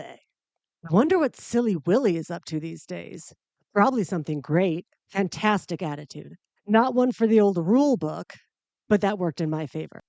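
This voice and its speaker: A woman hosting a comedy podcast, spinning a story in a wry, self-mocking way and blowing things up for laughs. Her voice sits at a mid pitch and sounds close and dry, with no room echo. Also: warm tone. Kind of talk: comic storytelling monologue.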